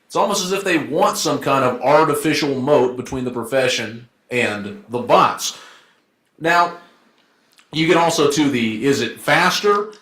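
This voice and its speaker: A man arguing his side in a debate as a lawyer, in a joking and rhetorical way with quick asides. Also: mid-range voice, expressive, a bit bright. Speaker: debater, law firm associate. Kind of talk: informal debate argument. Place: event room. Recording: echoey room.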